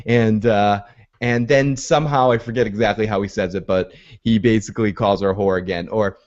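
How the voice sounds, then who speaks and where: A man's voice: fairly low pitch, steady tone, fairly quick, a little mellow. A man co-hosting a casual podcast recap, chatty and full of filler words, retelling scenes in quoted voices. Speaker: podcast co-host. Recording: dull lo-fi podcast audio.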